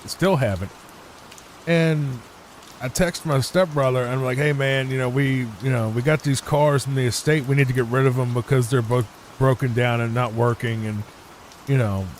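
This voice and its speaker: A man's voice: mid-range voice, steady tone, normal speed. Rambling man telling a long story. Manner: rambling, conversational, frequent restarts. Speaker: gaming channel host. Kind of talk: relaxed storytelling over gameplay. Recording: faint rain noise behind.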